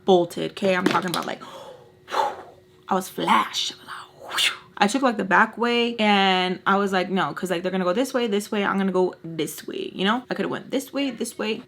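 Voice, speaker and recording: A woman's voice: mid-range voice, moderate pace, vocal fry, fairly bright tone. A woman telling a story in a casual, blunt, heated way, swearing a lot and saying "like" constantly. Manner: heavy swearing, frequent "like" fillers. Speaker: storytime vlogger.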